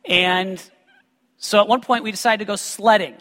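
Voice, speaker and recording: A man's voice: sits high, steady tone, moderate pace, sharp tone, big-room sound. A man preaching a sermon to a congregation, mixing scripture with funny personal stories and joking asides to the listeners. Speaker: pastor.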